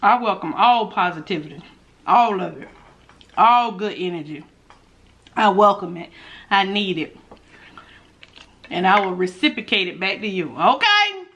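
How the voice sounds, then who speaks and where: A woman's voice: medium pitch, very animated, moderate pace, a bit bright, highs cut off, a little hiss or hum. A woman vlogger in casual mukbang chat while eating, talking straight to her viewers with playful asides and hums. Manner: chatty, talks straight to viewers as y'all. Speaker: food vlogger.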